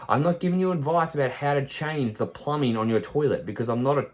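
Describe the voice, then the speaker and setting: Man, fitness coach, forceful and sweary, mid-range voice, podcast rant. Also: mid-range voice, quick pace. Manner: forceful, profane, lecturing. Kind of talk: blunt podcast monologue.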